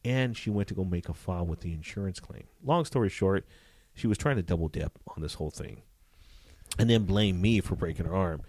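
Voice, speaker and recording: A man, a former police detective, telling profane, animated stories from his career in a casual interview. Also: low voice, a little fast, dry recording. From Southern California. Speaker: retired police detective, guest.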